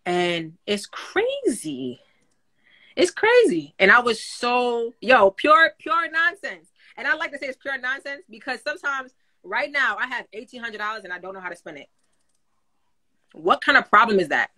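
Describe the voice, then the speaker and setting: A woman coaching listeners on credit in a casual livestream, talking in animated slang and laughing often. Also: on the high side, normal speed. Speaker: credit coach teaching a class. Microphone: phone.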